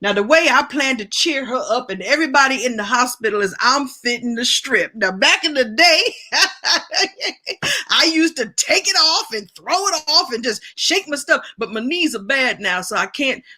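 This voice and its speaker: A woman's voice: high-pitched, animated, moderate pace, bright, forceful tone, heavily acted. Woman doing bawdy chatty old grandma. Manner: chatty, hesitant, with many "uh"s. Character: elderly grandmother visiting a hospital, bawdy and cheerful. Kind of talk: improvised comedy character.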